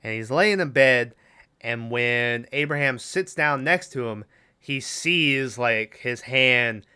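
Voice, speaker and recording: Man, podcast co-host, casual movie recap, rambling, swears, crisp voice. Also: medium pitch, takes it slowly, bright, forceful tone. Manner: rambling, profane, lots of fillers.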